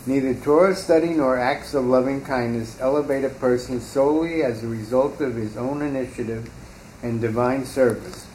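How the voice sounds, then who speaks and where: A man's voice: mid-range voice, moderate pace, a little mellow. Man reading aloud in an echoey room. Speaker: text reader in a class. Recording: roomy echo with faint background hiss.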